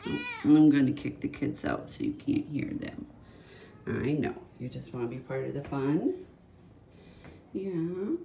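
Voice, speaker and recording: Low, gravelly-voiced mom filming her cats. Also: sing-song, a little slow, highs cut off, a little hiss or hum. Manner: coos softly to a kitten, often half-whispered. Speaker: mother and cat owner. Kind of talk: casual home vlog. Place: family home indoors.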